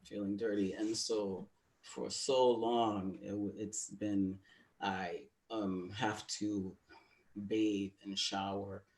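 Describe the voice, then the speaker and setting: A man's voice: fairly low pitch, flat delivery, slow, a little mellow. A man co-hosting a webinar, telling a personal story in a frank, confiding way with plenty of fillers. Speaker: webinar co-host.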